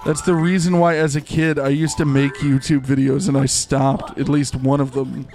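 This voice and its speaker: A young man giving goofy, excitable live commentary while playing a game, rambling with many fillers. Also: mid-range voice, normal speed. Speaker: streamer. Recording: faint game music behind.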